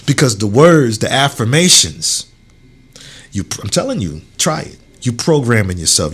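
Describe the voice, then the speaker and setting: A young adult man hosts his own podcast in a loose, unscripted solo monologue. His voice sits in an ordinary middle range. He swears freely and keeps checking in with the listener, moving from heated venting to warm encouragement. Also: medium pitch, sing-song, normal speed, slightly rough. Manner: loose and conversational, repeats "you know what I'm saying". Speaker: podcast host.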